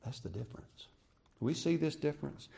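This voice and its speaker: A male pastor preaching a sermon, swinging between raised, emphatic cries and hushed, quiet passages. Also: on the high side, animated, normal speed, gravelly. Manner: preaching with rising shouts and hushed drops.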